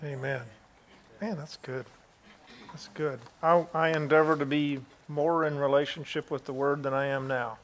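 A man's voice: a little high, steady tone, moderate pace, a little hiss or hum. A man hosting a Christian talk show, enthusiastically interviewing a guest and answering him with amens and laughter. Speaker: host.

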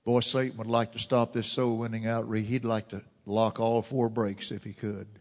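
A fervent man preaching a sermon in a church, swinging from loud declarations to hushed murmurs. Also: lowish voice, flat delivery, normal speed. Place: church sanctuary. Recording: long church reverb.

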